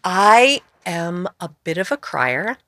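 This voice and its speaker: A woman host with a bright, forward voice asks gentle, curious questions. The recording is dry and close, with no echo around her. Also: on the low side, very animated, takes it slowly. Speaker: interview host. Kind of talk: conversational interview.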